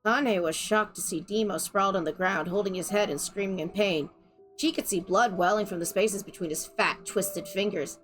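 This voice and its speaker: A woman's voice: medium pitch, moderate pace, fairly bright tone, soft background music. Woman reading game text with wry asides. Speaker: streamer.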